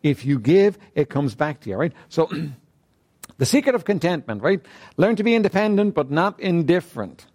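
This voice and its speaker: A man's voice: a little high, sing-song, moderate pace, a little mellow. A man preaching a sermon who speaks emphatically, repeats key phrases and keeps asking the congregation "right?". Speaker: pastor.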